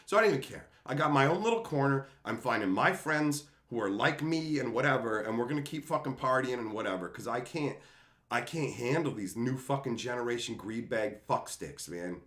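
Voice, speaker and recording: A man hosting his channel, ranting angrily and profanely, swinging from shouting to low muttering. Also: lively intonation, fairly quick, reverberant. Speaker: channel host. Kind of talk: angry rant to camera.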